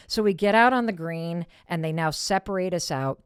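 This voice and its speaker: Woman, fifties, podcast host, expressive storytelling, whispered asides, low voice, dry close mic. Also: brisk, hardly any pauses, smooth, no room sound. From Michigan. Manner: expressive, drops to whispers for asides, swears casually. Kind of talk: animated personal storytelling.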